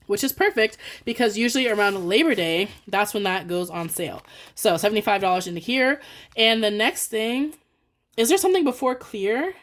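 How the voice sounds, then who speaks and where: A young woman chatting excitedly and quickly through a budgeting vlog, full of fillers and counting out cash. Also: medium pitch. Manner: fast, excited, rambling with many "like" fillers. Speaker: budgeting vlogger. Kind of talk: casual chatty voice-over while cash stuffing.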